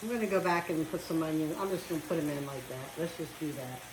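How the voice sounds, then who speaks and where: At home in her kitchen, a woman with a low voice chats her way through each step as she cooks, talking quickly with fairly even intonation in a casual demonstration. The kitchen is echoey, with background noise and the sizzle of frying.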